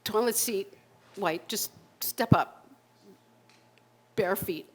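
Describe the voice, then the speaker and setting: At a community center, a woman in her sixties performs a live autobiographical one-person monologue in a mid-range voice. It's raw and emotional, with halting repetitions and bursts of swearing.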